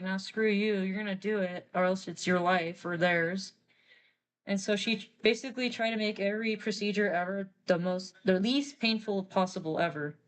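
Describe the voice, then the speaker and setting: Chatty woman streamer rambling. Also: medium pitch. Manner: rambling, self-correcting, chatty. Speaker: artist streaming a speedpaint. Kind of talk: casual live-stream chat.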